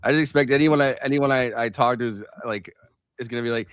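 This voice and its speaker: A man co-hosting a casual live chat, speaking haltingly with many fillers. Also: mid-range voice, fairly bright tone, clean tone, dry recording, studio quality. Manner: halting, filler-heavy speech. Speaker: stream co-host.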